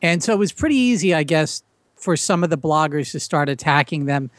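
A man's voice: fairly high pitch, lively intonation, brisk, no echo, studio quality. A man speaking as a guest on a casual podcast, eager and talkative, often stumbling and restarting his sentences. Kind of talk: casual interview.

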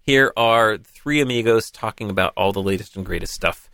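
A man with a fairly low voice hosts a casual tech podcast at a moderate pace, with no room sound. Relaxed and chatty, he banters with guests and reads a sponsor spot as if it were ordinary conversation.

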